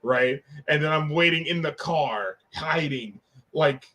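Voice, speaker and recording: A man's voice: on the high side, a little slow, pushed and bright, low-quality recording. A man talking casually as a podcast guest, joking and poking fun at himself. He drops into little acted-out quotes while he tells his stories. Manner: joking, self-deprecating, acts out quotes. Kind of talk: casual chat.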